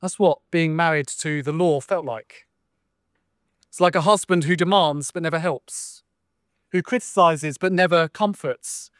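A man's voice: a little high, no room sound, studio quality. A male pastor with a Southern American accent preaching an earnest sermon full of rhetorical contrasts.

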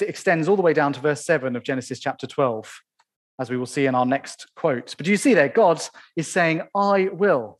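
Male preacher, church sermon, emphatic, rhetorical questions, voice a touch high. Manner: emphatic, slows down to stress key phrases.

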